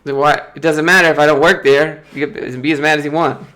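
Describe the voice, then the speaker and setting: A man's voice: a little high, little pitch movement, brisk, sharp tone. A young American man chatting casually on a livestream, reading questions from chat and telling stories with lots of fillers, laughing often and mimicking other people's voices. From United States. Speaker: YouTuber answering live chat questions.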